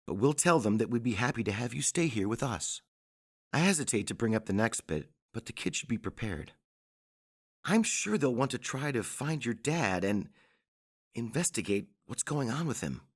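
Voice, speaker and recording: A kind, rational scientist in middle age narrates an audio drama. He speaks gently and with measured care, in a fairly low voice.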